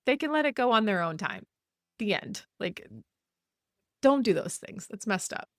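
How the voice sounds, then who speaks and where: A woman's voice: mid-range voice, lively intonation, moderate pace, no room sound, studio quality. A woman hosting a podcast, talking frankly in a casual advice monologue, often laughing and acting out example apologies in quotes. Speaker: podcast host.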